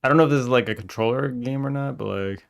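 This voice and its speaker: A man giving casual let's-play commentary as he streams a game, excitable and yelling at the characters in mock outrage. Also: medium pitch, fast, vocal fry.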